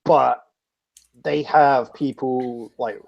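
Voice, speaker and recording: A man's voice: mid-range voice, fairly even intonation, drawn-out words, vocal fry, lo-fi sound. A man appearing as a guest on a casual podcast, talking in a rambling, profane way and thinking aloud.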